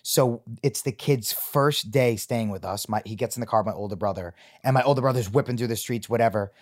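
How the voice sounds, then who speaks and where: A young man from Rhode Island, a guest in a casual interview, telling lively stories, swearing freely and laughing often. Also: on the low side, a little fast.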